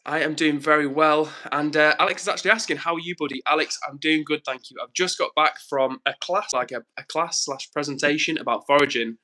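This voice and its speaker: A man's voice: on the high side, a little fast, few pauses, pushed and bright, rough recording. Upbeat man hosting a livestream. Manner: upbeat, greets viewers by name. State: slightly out of breath. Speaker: livestream host. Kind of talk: live stream chat, reading comments.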